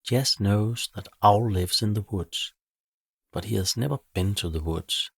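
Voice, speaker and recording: A man calmly narrating a bedtime story for children in a measured way. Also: lowish voice, creaky, slightly rough, no echo, studio quality.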